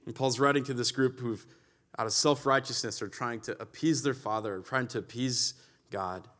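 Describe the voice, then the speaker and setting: A man's voice: mid-range voice, normal speed, a bit bright. Male pastor, mid-range voice, preaches like he's chatting, personal stories, emphatic swells. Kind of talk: sermon.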